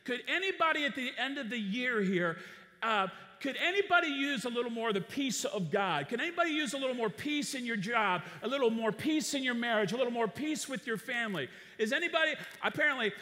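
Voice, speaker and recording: High, bright-voiced man preaching. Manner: animated, rhetorical questions to the congregation. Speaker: pastor. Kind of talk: sermon. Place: church auditorium. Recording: long church hall reverb.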